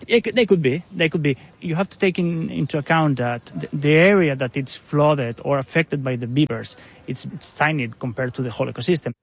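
A man's voice: on the high side, a little fast, breathy edge. A male scientist being interviewed, explaining carefully and sometimes restarting his phrases.

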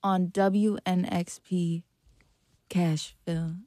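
Woman, singer guest, animated storyteller, radio studio mic, close and dry. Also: fairly low pitch, takes it slowly, dry recording. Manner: animated storyteller, acting out her own quotes. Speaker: musician guest. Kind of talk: casual radio interview.

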